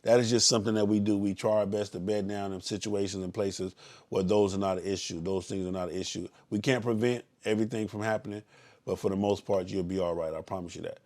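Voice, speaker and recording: This is a casual live stream of a motorcycle club ride, led by a man with a Southern US accent who briefs the riders. Speaking fast in a steady, fairly low voice, he comes across blunt and preachy, with occasional loud outbursts of yelling.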